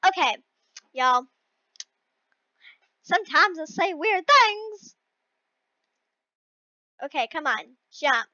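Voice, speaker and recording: A young girl talking through an obstacle-course game she is playing, excitable, often shrieking when she fails and pleading with her viewers for help. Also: very high-pitched, slow, pauses often, no room sound, highs cut off. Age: child. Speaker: gaming video creator. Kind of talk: casual gameplay commentary.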